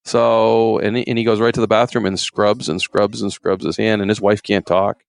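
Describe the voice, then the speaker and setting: A middle-aged retired game warden spins folksy, rambling stories. His voice sits low with a gravelly edge, and it is recorded dry and close. He jumps into quoted voices pitched up. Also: level tone, moderate pace, no room sound. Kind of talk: casual storytelling interview.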